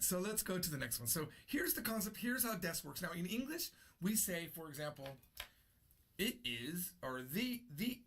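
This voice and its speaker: A man's voice: on the high side, a bit bright, slightly rough. A man teaching an unscripted language lesson, explaining patiently and repeating his key points. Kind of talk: unscripted classroom-style lesson.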